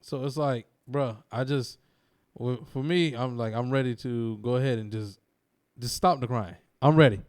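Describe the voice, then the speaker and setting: A man's voice: mid-range voice, moderate pace, darkish tone. A man co-hosting a casual podcast, ranting emphatically and repeating slang for emphasis. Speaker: co-host.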